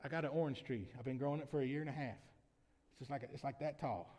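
A man preaching a sermon as pastor, shifting between quiet conversational asides and loud, emphatic preaching. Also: medium pitch, fast talker. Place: church sanctuary. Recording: long reverb of a church hall.

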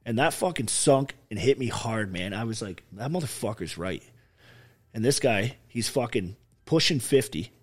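A man telling stories in a casual chat, animated and heavy on swearing. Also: on the low side, normal speed, breathy edge. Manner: profane, animated storytelling. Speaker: podcast guest.

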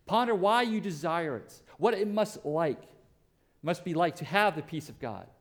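A man's voice: sits high, expressive, normal speed. A male pastor preaching a sermon earnestly and emphatically, asking rhetorical questions.

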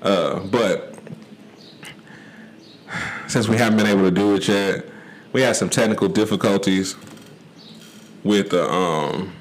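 A man's voice: sits low, unhurried, long pauses, slight background noise. A man co-hosting a podcast, telling stories in laid-back slang and laughing often. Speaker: podcast co-host. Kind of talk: casual chat.

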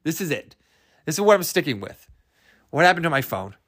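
A man's voice: on the high side, big pitch swings, a little fast, a bit bright, dry recording, clean studio sound. A young man hosting a solo podcast, rambling in a goofy, self-amused way and laughing at his own jokes. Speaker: podcast host.

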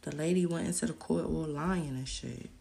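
A woman's voice: deep voice, normal speed, gravelly, slight background noise. A woman, telling her own stories in a blunt, profane monologue as a podcast host. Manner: blunt, profane, animated storytelling. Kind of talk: casual monologue.

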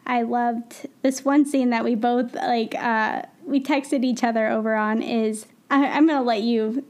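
A woman's voice: fairly high pitch, steady tone, measured pace, darkish tone. A woman co-hosting a casual podcast, talking about a film in an enthusiastic, chatty way. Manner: enthusiastic, chatty, laughs often. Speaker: podcast co-host.

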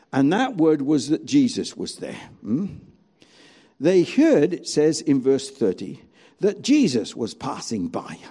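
Animated preacher, mellow voice. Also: male voice, on the high side, vocal fry, husky. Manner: animated preaching, rhetorical questions, acts out quoted voices. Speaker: pastor. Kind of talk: sermon.

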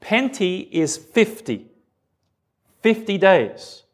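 Guy preaching a sermon, high voice, animated, keeps checking if everyone's following. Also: normal speed. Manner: animated, asks the congregation questions. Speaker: pastor.

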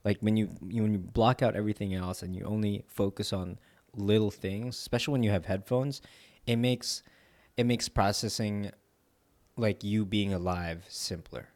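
A man's voice: lowish voice, fairly even intonation, moderate pace, a little mellow. Laid-back young man, casual chat. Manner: laid-back, rambling with many fillers. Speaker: podcast co-host.

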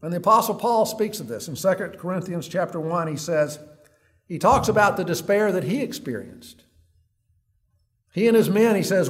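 A man preaching a sermon in an earnest way, reading long quotes aloud like a story and dropping low and quiet on heavy words. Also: animated, moderate pace.

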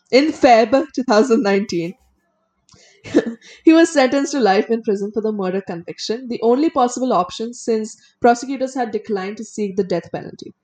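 A woman's voice: a little high, dark tone. Woman, casual podcast chat, reads case details, blunt opinions, small stumbles. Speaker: co-host.

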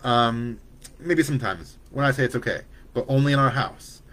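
A man reading the part of a worried, loving young mother who speaks gently but firmly to her son. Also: mid-range voice, normal speed, lightly acted. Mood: firm, gentle.

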